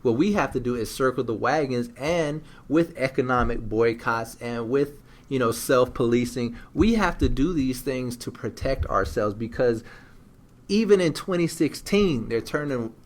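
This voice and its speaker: A man's voice: mid-range voice, lively intonation, normal speed. A man co-hosting a casual commentary chat, blunt and opinionated, now and then acting out quotes. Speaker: co-host.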